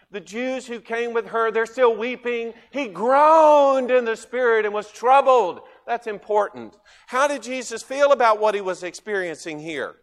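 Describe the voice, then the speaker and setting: High-voiced preacher in a reverberant hall. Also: male voice. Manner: animated, questions the listeners, swings from loud to quiet. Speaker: pastor. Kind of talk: sermon.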